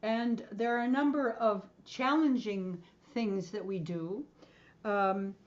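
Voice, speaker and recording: A woman's voice: medium pitch, slow, highs cut off. A woman voice and choir instructor leading an online movement and singing class in a playful, encouraging way over a video call.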